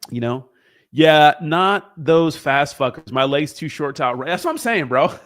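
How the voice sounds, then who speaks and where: A young man's slightly high, a bit bright voice carries lively intonation at a normal pace as he hosts a casual crypto livestream. He rambles unscripted and easygoing, swearing freely, joking with the chat, and drifting between topics.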